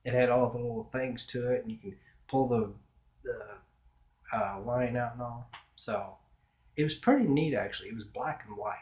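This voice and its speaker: A man's voice: mid-range voice, normal speed, darkish tone. A man chatting casually in his own room, rambling with fillers and restarts as a vlogger. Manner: meandering, with many fillers and restarts. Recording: roomy echo.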